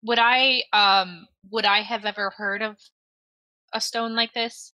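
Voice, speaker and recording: A woman's voice: mid-range voice, fairly even intonation, takes it slowly, pushed and bright. A woman playing in a tabletop game, curious and asking questions. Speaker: player.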